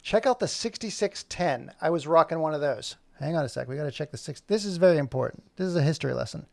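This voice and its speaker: A man streaming his animation work, chatting casually and thinking aloud in a rambling, jokey, self-mocking way while he fumbles with his software. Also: a little high, lively intonation, fast, gravelly, no echo. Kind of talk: casual live-stream chat.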